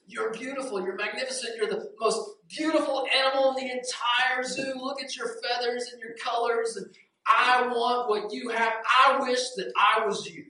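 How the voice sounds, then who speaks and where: A man voicing an envious male crow who gushes pleading flattery at other animals. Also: a little high, racing, hardly any pauses, lightly acted. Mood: longing. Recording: very echoey room, distant mic, faint noise.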